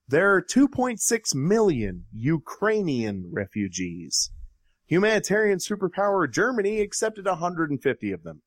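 A man with a fairly high voice that swings up and down as he rants, sarcastic and profane. The sound is close and dry, with no room around it. He talks like a co-host picking apart articles in casual chat. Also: very animated, moderate pace, no echo. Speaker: podcast co-host. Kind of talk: casual ranting commentary.

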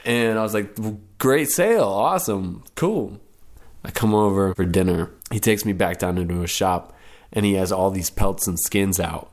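With a low, level, slightly mellow voice at a moderate pace, this late-twenties storyteller guest relaxedly recounts something from his own life. He wanders a bit and corrects himself mid-story.

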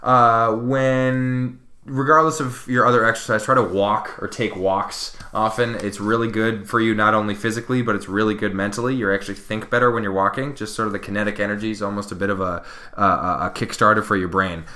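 A man's voice: lowish voice, steady tone, brisk, sharp tone. A man co-hosting a casual podcast chat, loose and laughing, swearing now and then. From Massachusetts. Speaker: podcast co-host.

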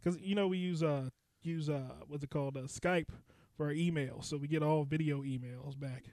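A young man who is a podcast host and DJ runs a comedy podcast from a basement studio, joking loosely, laughing often and keeping the banter quick and casual. His voice is on the high side for a man, steady and a little mellow, recorded dry and close.

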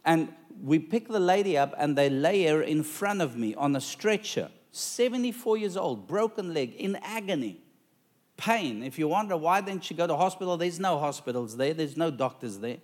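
A male preacher telling a story in a sermon, dramatic and lively, calling out to the congregation for responses. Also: fairly high pitch, moderate pace.

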